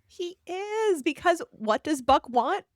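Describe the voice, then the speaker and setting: A woman's voice: very high-pitched, animated, slow pace, no room sound, studio quality. A woman co-hosting a podcast, chatting playfully about a TV episode and laughing often. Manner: playful, laughing, affectionate asides. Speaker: podcast co-host. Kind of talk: casual recap chat.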